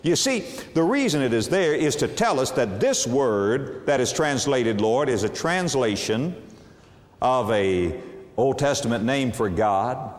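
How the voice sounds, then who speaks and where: A male preacher delivers a sermon with lively, sweeping intonation. He leans hard on single words and slows down to stretch them out. His voice carries a long reverb, as if it were heard in a large church. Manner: emphatic, with sweeping pitch swings and drawn-out words.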